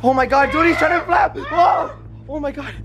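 A man's voice: very high-pitched, moderate pace. A man filming a vlog, talking frantically and repeating words, with music underneath. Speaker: vlogger. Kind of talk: excited casual vlog chatter.

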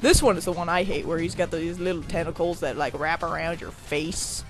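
A let's play commentator giving casual, rambling gameplay talk, excitable and quick to whine or shriek at setbacks. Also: medium pitch, over music.

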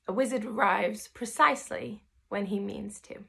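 A woman voicing an old, wise male wizard in a measured, lofty way. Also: mid-range voice, creaky, a bit bright, slightly rough.

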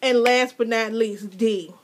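Gushing, excitable woman vlogger. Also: a little high, a little slow, slight background noise. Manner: gushing, excitable, jumps to squeals when thrilled. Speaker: mother and hobby vlogger. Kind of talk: casual unboxing vlog. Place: home with children nearby.

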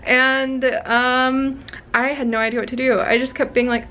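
A young woman talks to her camera in a small rented apartment, telling stories in a casual, rambling way. She laughs easily, restarts her sentences and pokes fun at herself. Her voice sits a little high for a woman. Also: fairly even intonation, moderate pace, fairly bright tone. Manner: chatty and self-deprecating, laughs often, rambling restarts. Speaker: vlogger. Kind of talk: casual talking-to-camera vlog.

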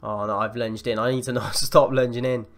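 A young man giving excitable live commentary over his own football video game matches, gasping and shouting at the plays. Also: mid-range voice, fairly quick. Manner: excitable, yells and gasps at plays. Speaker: gaming YouTuber.

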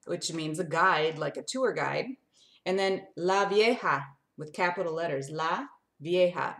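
A woman reads a picture book aloud to children in a lowish voice. She is animated and sing-song, with big upward swings, and keeps turning to her young listeners to ask them things. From lives in Arizona desert.

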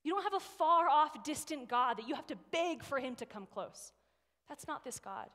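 A woman's voice: high-pitched, expressive, moderate pace, sharp tone. A woman in her thirties, a guest speaker giving a sermon in a chatty, personal storytelling way and often checking in with "right?". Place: church sanctuary. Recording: long hall reverb.

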